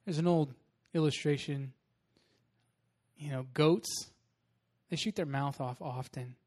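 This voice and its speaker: A young man preaching a sermon with a slightly high voice. He talks casually and animatedly, telling stories and moving between loud bursts and quiet asides. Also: slow. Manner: casual, animated storytelling with laughs. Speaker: pastor.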